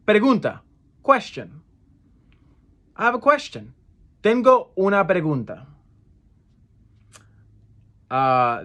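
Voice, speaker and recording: Man teaching phrases, repeating slowly. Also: a little high, a bit bright. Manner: repeats phrases slowly, self-correcting with fillers. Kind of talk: casual language lesson.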